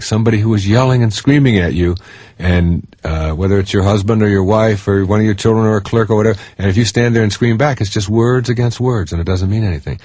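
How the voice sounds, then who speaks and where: A middle-aged man with a deep, husky voice delivers a self-help audiobook lecture. He speaks earnestly and drives his points home by repeating them. The recording is close and dry, with no room sound. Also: darkish tone, no echo. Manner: earnest, emphatic, builds points through repetition.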